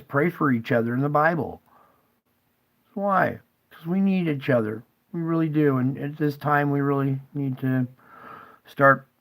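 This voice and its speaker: A man's voice: mid-range voice, creaky, poor audio. Urgent, emotional man talking to viewers. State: tearful. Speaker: channel host.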